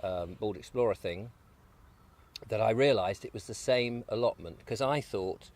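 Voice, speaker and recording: A man's voice: on the low side, normal speed, a little mellow. A man, a guest, chatting in a rambling, jokey way over breakfast on an allotment, sometimes with his mouth full. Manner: rambling, jokey, talks while eating. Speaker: guest, video maker. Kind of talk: casual outdoor chat. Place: outdoors on an allotment.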